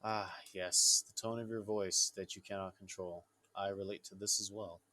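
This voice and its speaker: A laid-back man hosts a late-night casual podcast with friends. His voice sits fairly low, and he laughs easily while retelling movie scenes. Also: fairly even intonation, normal speed, sharp tone. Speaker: podcast host. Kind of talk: casual chat.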